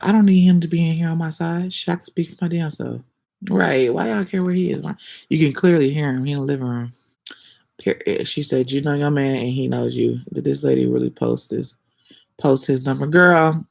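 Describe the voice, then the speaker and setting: A woman's voice: sits low, a little fast, gravelly, darkish tone. A woman on a livestream, answering viewer comments in a defensive, slangy way. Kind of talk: casual livestream chat.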